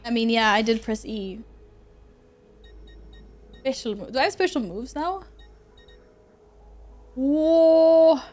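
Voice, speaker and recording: A woman's voice: on the high side, very animated, moderate pace, pauses often. A young woman from Sweden streaming a video game at home, chatting and giggling with her viewers as she plays. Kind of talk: casual gameplay streaming.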